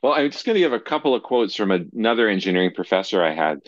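A male podcast host with a lively, swooping voice who chats casually and laughs easily. The sound is dry and a little dull, as if recorded close on a modest mic. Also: lowish voice, fast talker, dry recording. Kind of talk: casual interview chat.

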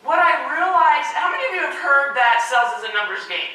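A woman gives a keynote speech, energetic and animated, throwing questions out to the crowd. Her voice sits high and comes across bright and forceful. She is recorded from a distance in a big echoing hall. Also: fast talker. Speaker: motivational speaker. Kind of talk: keynote speech to a live audience. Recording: echoey hall, mic from far off.

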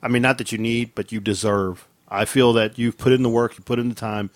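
A man's voice: mid-range voice, steady tone, fairly quick, dry recording. A man in a podcast chat giving earnest, heartfelt praise with loose phrasing.

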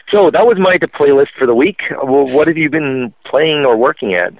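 A man's voice: fairly high pitch, lively intonation, moderate pace. A man from Quebec co-hosting a casual gaming podcast, telling stories in a rambling way with lots of fillers. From Quebec, Canada. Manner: rambling, filler-heavy storytelling. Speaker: podcast co-host. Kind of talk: casual chat. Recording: tinny phone-like line.

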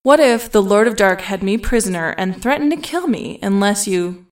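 A male narrator voicing a grieving young woman warrior with a quiet, small voice. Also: high voice, animated, moderate pace, recorded from a distance, voice pushed up.

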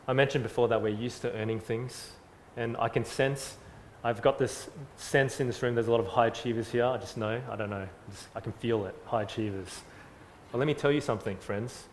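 A man preaching a sermon, earnest and emphatic, repeating phrases and swinging from loud to soft. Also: mid-range voice, lively intonation, moderate pace, slight background noise. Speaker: pastor.

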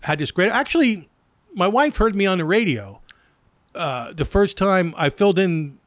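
A high-voiced man telling stories in a relaxed studio chat, his pitch leaping around as he acts out what others said. He rambles through each anecdote with lots of "you know", and the sound is close and dry. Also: moderate pace, no room sound. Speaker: sports radio personality, guest. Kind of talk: casual storytelling chat.

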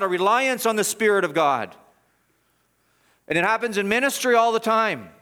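Man, pastor, middle-aged, sermon, slightly high voice, emphatic, loud-to-quiet swings. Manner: swings between loud emphatic peaks and low quiet asides; repetitive, emphatic preaching. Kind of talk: expository sermon.

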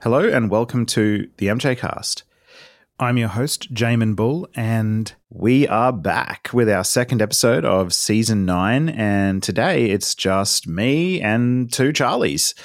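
An upbeat Australian man hosts a podcast in a relaxed, chatty way, laughing easily. His voice sits on the lower side and sounds close and dry, with no room around it. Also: no room sound. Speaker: podcast host. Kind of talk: casual podcast chat.

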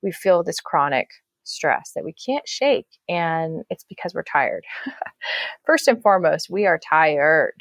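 A woman's voice: sits low, expressive, measured pace, a bit bright, no echo. A woman speaking as an author guest on a faith-based podcast, reflective and earnest, often restarting her sentences.

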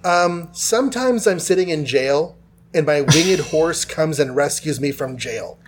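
A man's voice: a little high, expressive. Chatty man recapping a comic. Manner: loose, chatty retelling with quick dialogue voices. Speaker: podcast host. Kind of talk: casual comic book recap.

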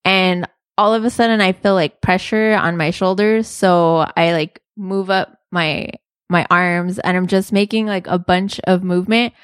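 A woman's voice: on the low side, measured pace, clean tone, dry recording, studio quality. Chatty young woman telling a story. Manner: chatty, animated, lots of "like" and laughs. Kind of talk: casual storytelling.

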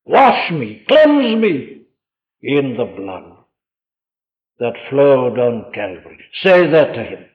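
A man preaching an impassioned sermon, pleading with rising questions and then growing hushed and tender. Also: mid-range voice, big pitch swings, slow. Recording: dull archival recording in a reverberant hall.

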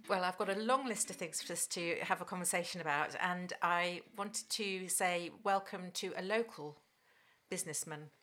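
Low-voiced woman hosting a podcast interview. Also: moderate pace. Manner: warm, laughing interviewer with many fillers. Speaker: podcast host. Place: podcast studio.

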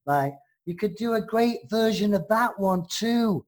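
A brash American host who jokes, heckles and argues playfully. The voice sits at a middle pitch. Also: animated, unhurried. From United States. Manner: brash, joking, mock-heckling. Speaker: show host. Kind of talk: bantering radio-style chat.

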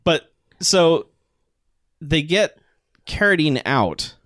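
A man in casual chat who recaps a film's plot in an animated way and laughs often. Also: a little high, very slow, dry recording, clean studio sound.

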